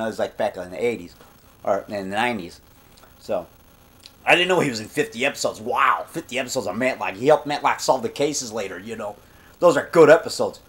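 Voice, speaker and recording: A man's voice: medium pitch, fairly bright tone. A middle-aged man rambling through a casual vlog monologue, often repeating himself and boasting about himself. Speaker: vlogger.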